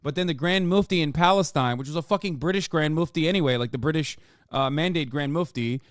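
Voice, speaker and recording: Male stream host, fired-up and sweary, higher pitch, close dry mic. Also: fast, no room sound. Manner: heated, profane, emphatic. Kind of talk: live reaction commentary.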